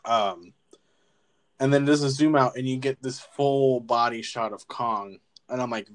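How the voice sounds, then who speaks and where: Young male podcast co-host, casual and profane, excitable recaps, mid-range voice. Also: mid-range voice, unhurried. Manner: profane, rambling, animated retelling. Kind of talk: casual movie-review chat.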